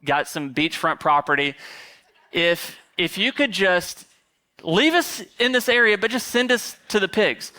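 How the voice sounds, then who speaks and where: A man's voice: high voice, expressive, a little slow, sharp tone, full character voice. A male pastor voicing a horde of demons casually bargaining with Jesus. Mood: pleading bargaining.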